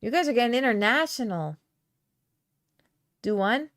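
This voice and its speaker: Playful and loose, dropping fillers and quick laughs, a woman hosts a live-stream podcast where she talks casually with viewers and reads out their comments. Her first language is Aramaic; her voice is on the high side, fairly bright, with lively intonation, captured in clean studio sound with no echo.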